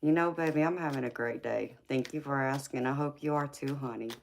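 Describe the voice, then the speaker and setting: A woman's voice: a bass voice, a little fast, creaky, slight background noise. A woman hosting a casual live chat, teasing viewers playfully, laughing often and calling them baby and sweetheart.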